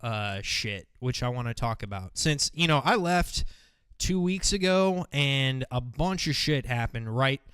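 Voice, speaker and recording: A man hosting a talk show with a smooth, resonant voice, recorded close and dry. He rambles and swears through his commentary, sliding into a mocking tone. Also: medium pitch, animated, unhurried, a bit bright, no room sound. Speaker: host. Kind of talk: casual solo commentary.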